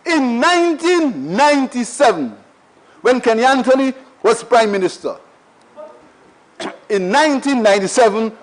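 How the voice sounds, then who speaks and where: A Saint Lucian member of parliament with a very high voice gives an emphatic, repetitive debate speech in the parliament chamber, repeatedly addressing the Speaker. The audio is poor.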